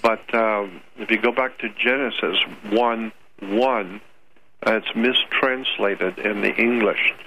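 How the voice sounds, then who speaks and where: Gravelly older man lecturing on radio. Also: on the low side, steady tone, takes it slowly, bright, forceful tone, a little hiss or hum. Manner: lecturing, spells words out letter by letter, repeats points. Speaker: guest researcher. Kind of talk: radio interview monologue. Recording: dull lo-fi radio audio.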